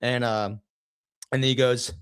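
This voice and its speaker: A man's voice: medium pitch, little pitch movement, unhurried, a bit bright, clear, resonant tone, no echo. Profane storytelling man, dry close sound. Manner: profane, acts out the voices of others in his story. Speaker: guest telling a story. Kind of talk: casual storytelling.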